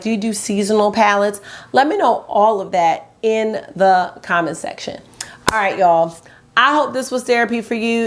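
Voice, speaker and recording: Chatty woman beauty vlogger. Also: on the high side. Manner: chatty and enthusiastic. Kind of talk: casual makeup review chat.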